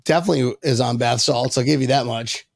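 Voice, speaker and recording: A man hosting a podcast over a video call, loud and excitable, joking, stammering when he gets worked up. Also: medium pitch, fast talker, gravelly. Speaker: podcast host. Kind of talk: rowdy casual podcast banter.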